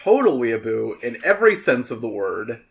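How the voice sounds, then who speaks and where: A man's voice: mid-range voice, very animated, moderate pace, gravelly. A young man co-hosting a casual podcast, stumbling and repeating words as he starts his thoughts. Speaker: podcast co-host.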